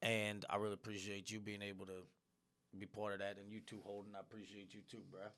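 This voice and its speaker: A man's voice: on the low side, completely flat delivery, fast talker, fairly bright tone. A man co-hosting a casual comedy podcast, talking loosely and profanely, calling people bro. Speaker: comedian co-host. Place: podcast studio.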